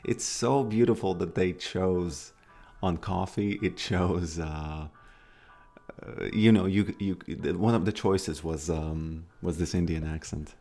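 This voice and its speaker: A man's voice: low voice, fairly even intonation, slow, a little mellow. A man chatting casually on a live stream, rambling and hesitant with many restarts.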